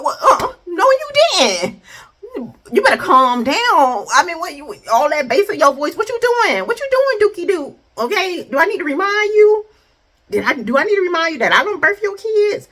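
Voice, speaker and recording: A woman's voice: very high-pitched, a bit bright, voice pushed up, exaggerated voice. A woman voicing a sassy, indignant wife who scolds her husband dramatically. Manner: scolding, finger-wagging, dramatic.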